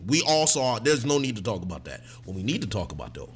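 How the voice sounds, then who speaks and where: Man, bright voice, lively swooping pitch, casual TV reaction vlog, emphatic. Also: moderate pace, husky. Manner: animated and emphatic, often slipping into mocking impressions. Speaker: TV episode reaction vlogger.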